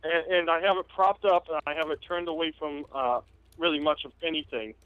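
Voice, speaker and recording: A man's voice: a little high, fairly even intonation, brisk, smooth, no room sound. A man chatting as a player in a tabletop game, explaining his moves earnestly and stumbling over words. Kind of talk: casual tabletop chat. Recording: dull dry lo-fi mic.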